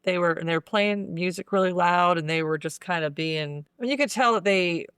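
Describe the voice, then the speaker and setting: A man's voice: high voice, a little fast, a bit bright, smooth, dry recording, studio quality. A man co-hosting a podcast, chatting casually, blunt and opinionated, laughing often. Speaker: podcast co-host. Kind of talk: casual chat.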